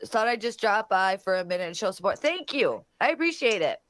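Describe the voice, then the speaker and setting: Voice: mid-range voice, very animated, brisk, fairly bright tone. Profane, combative livestream host. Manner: talks back to chat comments directly. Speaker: livestream host reading chat. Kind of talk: casual solo livestream chat.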